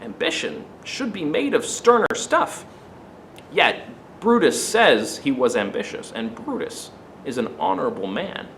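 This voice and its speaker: Man reciting Roman orator, hushed, measured, quietly persuasive, grieving. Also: fairly high pitch, big pitch swings, creaky, a little hiss or hum, exaggerated voice, rough recording.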